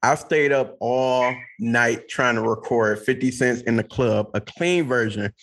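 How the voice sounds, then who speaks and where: A man hosts a laid-back podcast in a mid-pitched voice. He jokes easily and tells his own stories in a casual, rambling way. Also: unhurried. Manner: relaxed, joking, laughs easily. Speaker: podcast host.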